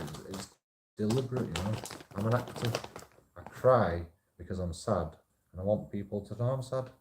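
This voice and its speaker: A man's voice: lowish voice, normal speed, reverberant, background noise. A man hosting his own channel, talking in a casual, rambling monologue that repeats phrases, restarts and swears freely. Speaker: channel host.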